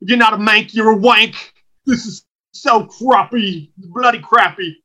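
A man's voice: high-pitched, measured pace, pushed and bright, voice pushed up, heavily acted. A man voicing an angry male soccer fan in a put-on Cockney English accent, ranting and whiny, in a comedy podcast bit. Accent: mock English (Cockney).

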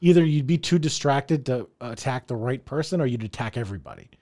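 A man of middle pitch chatting casually on a podcast, his voice rising and dropping widely as he tells stories. He teases his co-host, swears freely and laughs easily. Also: fairly quick. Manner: animated, teasing, swears freely, laughs often. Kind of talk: casual chat.

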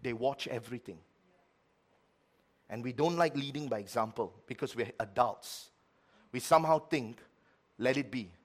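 A middle-aged man preaching a sermon as pastor, with lively swings between loud, emphatic lines and quiet ones. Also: mid-range voice, normal speed, pauses often.

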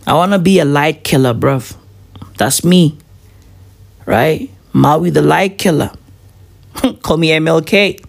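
A man's voice: fairly high pitch, slow pace, gravelly, pauses often. A man, doing a profane, rambling comic monologue full of "right?" and "bruv". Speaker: comedian vlogger.

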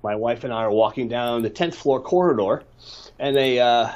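Congested from allergies and somewhat worn down, a middle-aged man co-hosts a podcast, telling rambling stories and making wry complaints in casual conversation. He speaks in a mid-range, slightly mellow voice at a moderate pace, and the audio sounds dull.

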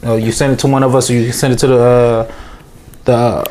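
A man's voice: mid-range voice, level tone, a little fast, darkish tone, a little hiss or hum. A man co-hosting a podcast in casual chat, rambling and joking, hesitating with many fillers. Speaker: podcast co-host.

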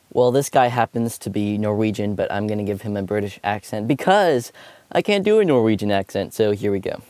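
A man's voice: mid-range voice, a bit bright, no room sound. Sarcastic young man hosting a commentary podcast. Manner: joking, sarcastic, chatty. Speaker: podcast host. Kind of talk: casual commentary monologue.

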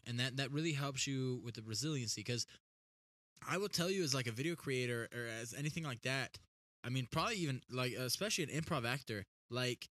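Bright-voiced man hosting a podcast. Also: medium pitch, no room sound. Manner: chatty, upbeat, encouraging. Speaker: podcast host. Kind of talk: casual podcast chat.

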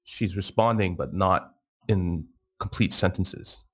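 Deep, slow-talking game master, a man. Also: a bit bright. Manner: measured, with frequent fillers. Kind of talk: narrating a tabletop game.

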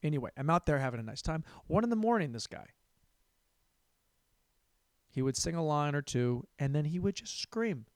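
A young man hosts a comedy show with a crude, rambling monologue, often repeating words for effect. His pitch swings widely and sits a little high. The sound is dry and close. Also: expressive, normal speed, long pauses, darkish tone, smooth, no room sound.

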